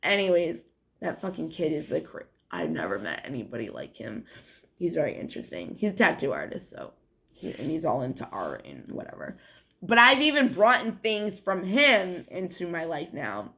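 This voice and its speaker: A woman's voice: low voice, huge pitch swings, moderate pace, gravelly, bright, forceful tone. Rambling, swearing young woman vlogger. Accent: New England. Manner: meandering, heavy on "like" and swearing, frequent laughs. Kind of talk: rambling casual monologue to camera.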